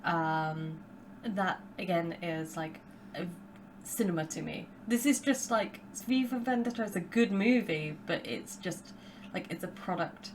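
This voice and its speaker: A woman's voice: lowish voice, a little slow, a little hiss or hum. Rambling British woman, podcast guest. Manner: rambling, full of "like" and restarts. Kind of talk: casual chat.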